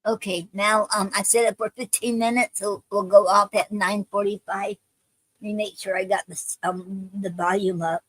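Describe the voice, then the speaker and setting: A woman hosting a casual poetry live stream, speaking haltingly with many fillers and restarts as she chats with viewers. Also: medium pitch, fairly even intonation, fairly bright tone, no room sound, rough recording. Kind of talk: casual live-stream chat, leading a poetry writing session.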